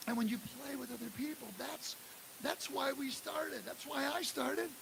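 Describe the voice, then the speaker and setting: A man in his sixties from the Detroit area, telling animated stories at a live drum clinic in a music store. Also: extremely high pitch, normal speed, gravelly. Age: 60s. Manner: animated storyteller who acts out quotes and scats drum parts. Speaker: guest drummer giving a clinic. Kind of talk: live clinic talk and storytelling. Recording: live room with steady hiss.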